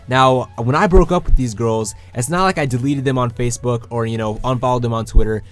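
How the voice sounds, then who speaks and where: A nineteen-year-old man casually telling a personal story to his viewers, acting out the quoted lines with lively energy. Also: mid-range voice, brisk, few pauses, faint music behind. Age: young adult. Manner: animated, acts out quoted lines.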